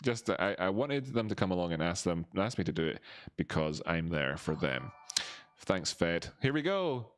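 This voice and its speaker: A man's voice: low-pitched, moderate pace. A man from Scotland, hosting a crypto livestream in a rambling, self-mocking chat while reading viewers' messages aloud.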